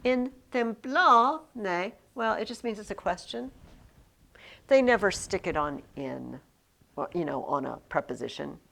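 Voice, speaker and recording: A woman's voice: low-pitched, moderate pace, vocal fry. A woman teaching a Latin class to students, chatty and emphatic, with frequent fillers and restarts. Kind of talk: classroom lesson.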